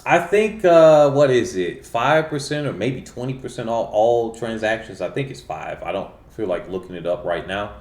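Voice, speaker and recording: A man hosting his own channel, talking in a casual, rambling monologue full of fillers and self-corrections. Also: fairly low pitch. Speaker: channel host. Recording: roomy echo.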